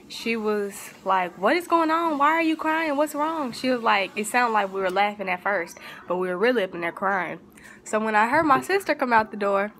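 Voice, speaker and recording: A woman's voice: medium pitch, bright, forceful tone. A young woman telling a personal story in a casual, rambling way, full of fillers and restarts, with a faint hiss behind her. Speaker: vlogger.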